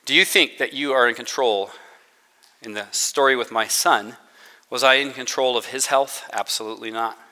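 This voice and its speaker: A man giving a conversational sermon to students, joking and self-deprecating as he acts out quotes with gentle sarcasm. His voice is very bright and forward. Long reverb from a large hall trails behind his words. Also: mid-range voice, normal speed. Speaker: director of spiritual formation, chapel speaker.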